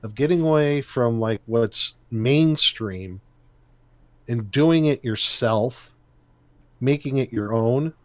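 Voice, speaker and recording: Animated male podcast co-host. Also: medium pitch, slow pace, no echo. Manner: animated, tangents and repeated starts. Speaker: podcast co-host, dungeon master. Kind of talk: casual podcast chat.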